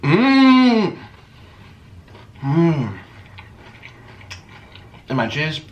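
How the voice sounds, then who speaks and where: A man hosting a chatty eating vlog at home, talking in a theatrical sing-song way that swings from loud bursts to mumbles. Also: mid-range voice, animated, normal speed, lo-fi sound. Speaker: mukbang host.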